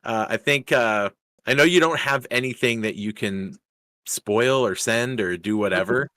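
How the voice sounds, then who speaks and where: A man's voice: medium pitch, a little slow, pushed and bright, dry recording. A man hosting a racing league live stream in casual chat, rambling with lots of fillers and restarts in an upbeat way.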